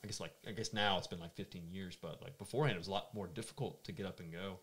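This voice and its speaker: A man's voice: sits low, steady tone, racing, fairly bright tone, slightly rough. A young man hosting a casual podcast chat, rambling through stories and swearing casually. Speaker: podcast host.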